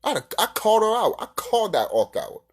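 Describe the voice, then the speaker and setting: Man, husky, ranting reaction commentary, swearing, loud then hushed. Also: high-pitched, big pitch swings, quick pace. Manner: heated, profane, swings between shouting and hushed musing. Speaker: video creator reacting to a clip.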